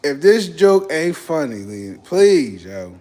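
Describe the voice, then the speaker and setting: A young man from Texas hosting a casual livestream, joking and swearing as he banters with his chat. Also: a little high. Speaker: livestream host.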